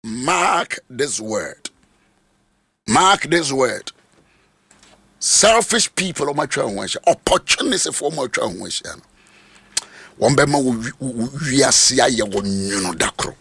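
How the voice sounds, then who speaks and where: A Ghanaian man preaching a sermon, shouting and sing-song, repeating phrases over and over. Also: mid-range voice, sing-song, fairly quick, gravelly, slightly rough, no echo.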